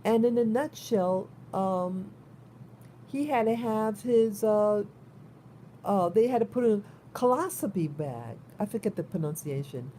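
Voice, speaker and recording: Vlogger: New woman, warm, mellow voice, concerned, rambling delivery with frequent restarts. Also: mid-range voice, lively intonation, unhurried, a little hiss or hum. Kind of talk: casual spoken monologue.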